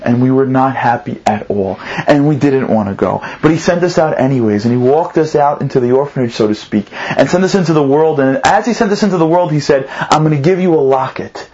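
Husky-voiced man telling a sermon story. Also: mid-range voice, fairly quick, hardly any pauses, dull audio. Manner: animated storyteller with repeated phrases. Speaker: preacher.

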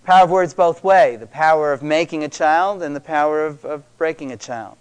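A man's voice: fairly high pitch, brisk, clear, resonant tone. A middle-aged man speaking to a live audience about parenting, conversational and emphatic, repeating key words for stress.

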